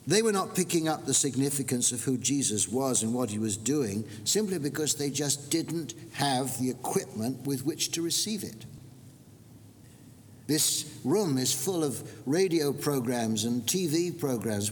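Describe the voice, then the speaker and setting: A man preaching a measured expository sermon, slowing down to stress key points. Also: mid-range voice, lively intonation. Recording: long reverb with faint background hiss.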